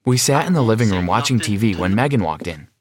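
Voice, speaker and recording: A man telling a scripted first-person story in a plain, steady way. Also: lowish voice, quick pace.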